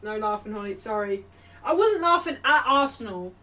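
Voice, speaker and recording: A woman's voice: mid-range voice, animated, moderate pace, pushed and bright, far from the mic. A young woman hosting a live football watchalong stream, chatting casually with her viewers, laughing a lot and swearing now and then. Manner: laughs often, swears, talks to her chat.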